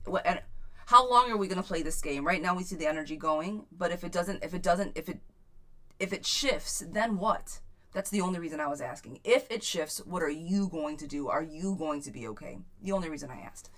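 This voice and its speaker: On a live stream, a tarot reader with a lowish, fairly bright voice chats casually. She reads viewers' questions aloud and stumbles over her words.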